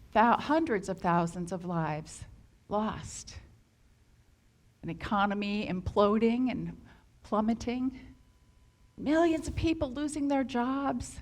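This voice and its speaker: Earnest woman preaching a sermon. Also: on the high side. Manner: earnest, acts out quoted inner voices. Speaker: minister.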